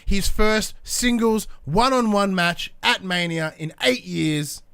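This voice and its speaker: A man co-hosting a podcast, recapping wrestling in a rambling, self-correcting, excitable way. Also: high-pitched, slow, creaky, clear, resonant tone. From Australia. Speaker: podcast co-host. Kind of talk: casual chat recapping wrestling.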